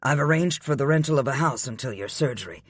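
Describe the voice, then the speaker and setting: A man reading an audiobook, voicing a calm, domineering wealthy man who speaks in a measured, patient way. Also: medium pitch, slightly rough, dry recording, studio quality. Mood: commanding.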